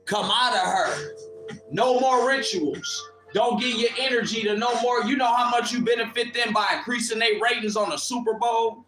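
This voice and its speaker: A man's voice: very high voice, steady tone, fairly quick, pushed and bright. A man on a livestream delivering an impassioned, preachy rant, profane and confrontational toward his viewers. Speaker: livestream commentator. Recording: echoey room with music beat. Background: instrumental beat playing.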